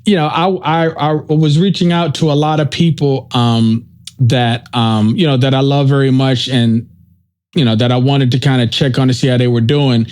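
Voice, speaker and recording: A man's voice: mid-range voice, fairly even intonation, normal speed, a little mellow, clear, resonant tone. A man hosting a podcast, talking through a casual solo monologue in a rambling, reflective way, often checking in with "right?". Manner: informal, says "yo" and "right?". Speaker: podcast host.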